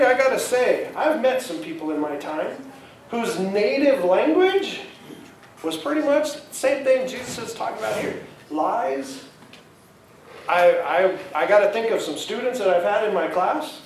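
This sermon comes from a male pastor whose high voice carries through a reverberant church hall, picked up by a faraway mic with slight hiss or hum. He keeps things conversational, questioning the congregation.

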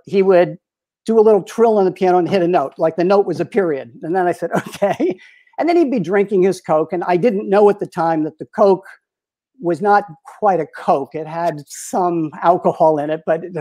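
Chuckling older man telling stories. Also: sits high. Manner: animated anecdote-telling with frequent chuckles. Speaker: interview guest, retired TV publicist. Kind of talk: storytelling in a casual interview.

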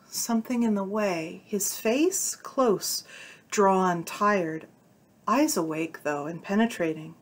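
A woman's voice: medium pitch, slow pace. A woman reading a short story aloud, giving the dialogue its own tone. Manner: voices the characters' dialogue with shifts of tone. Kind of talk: audiobook-style story reading.

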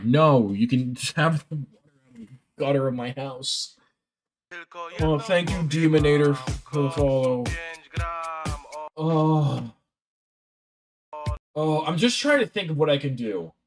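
A man's voice: medium pitch, fairly bright tone. A young man giving rambling, exasperated live commentary while he streams a game and talks to his chat.

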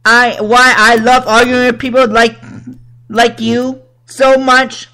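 A woman's voice: fairly high pitch, level tone, slow, sharp tone. A woman hosting a casual talk show, reacting indignantly and reading out comments. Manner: indignant, exclaiming, reads comments aloud. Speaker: podcast host.

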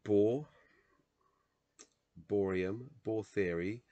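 Slow, low-voiced man reading words aloud. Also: warm tone, dull audio. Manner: reads words in a halting, self-correcting way with muttered asides. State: tired, late at night. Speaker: video host reading a dictionary aloud. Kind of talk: casual solo reading vlog.

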